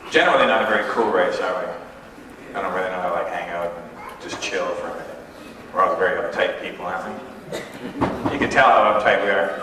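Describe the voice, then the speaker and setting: Male stand-up comic, young, from Canada, animated, noisy old tape recording. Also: sits low, quick pace, long pauses. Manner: animated, acts out voices and characters. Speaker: stand-up comedian. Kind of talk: stand-up comedy set. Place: large indoor hall with audience. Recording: echoey hall, far from mic, noisy old tape.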